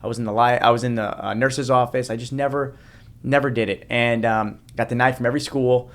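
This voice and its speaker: Podcast guest, man in his thirties from New Jersey, rapid earnest storytelling, mid pitch. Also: steady tone, a bit bright. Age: 30s. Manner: earnest, repeats himself, frequent restarts. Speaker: guest, motivational speaker. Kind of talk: personal storytelling in a podcast interview.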